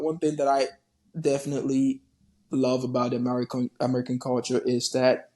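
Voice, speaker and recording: A man's voice: medium pitch, dark tone. A man from Nigeria, a guest on a podcast, talking casually and animatedly with swearing and repeated words.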